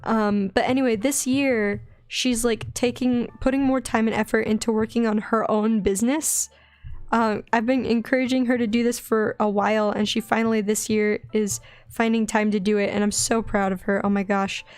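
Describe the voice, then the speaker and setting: A young woman with a light Southern accent, chatting in a bubbly, rambling way while she draws on a stream, often giggling and getting excited. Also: a little high, moderate pace, clear, resonant tone, no room sound. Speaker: digital artist streaming her drawing. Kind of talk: casual chatty art stream.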